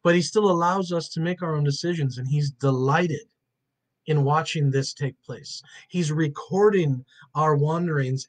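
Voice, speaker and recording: A man teaching a Bible study and then praying, earnest and emotional, slowing down to lean on key words. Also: a little high.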